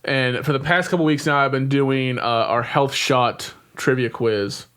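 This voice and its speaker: A man's voice: medium pitch, fairly even intonation, measured pace, fairly bright tone, clear, resonant tone. A man hosting a podcast in casual chat, laid-back, often laughing and sighing. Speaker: podcast host.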